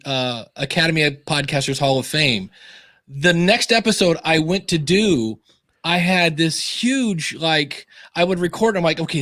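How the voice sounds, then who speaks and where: A man who is a podcaster and author, a guest on a livestream interview over a video call. His voice sits somewhat high for a man, and the sound is dry and close. He tells stories in a self-deprecating way and acts out what people said. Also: dry recording. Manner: self-deprecating, animated storyteller acting out quotes. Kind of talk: casual interview chat.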